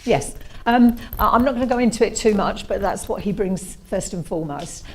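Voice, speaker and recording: Woman medium, gentle and reassuring, hesitant, mid pitch, light noise behind. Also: lively intonation, brisk. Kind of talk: mediumship demonstration at a service.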